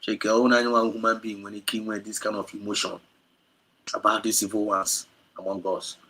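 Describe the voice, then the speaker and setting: A man with an Igbo-accented Nigerian English speaks with deep emotion as a channel host. His voice is husky and a bit low, and he halts and restarts before surging into fervent passages. He moves freely between Igbo and English. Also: little pitch movement, pushed and bright, poor audio. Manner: mixes Igbo and English, halting then fervent. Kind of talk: emotional commentary.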